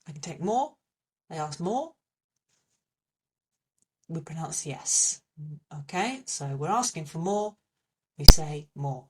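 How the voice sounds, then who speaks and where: A woman's voice: on the low side, recorded from a distance. A woman with an English accent teaching a French pronunciation lesson, patiently repeating little memory tips.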